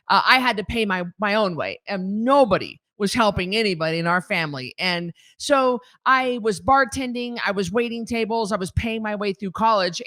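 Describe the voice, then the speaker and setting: A woman from northern Idaho, a guest telling her story in an interview with animated, emphatic delivery. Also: medium pitch, no room sound, studio quality. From northern Idaho, USA.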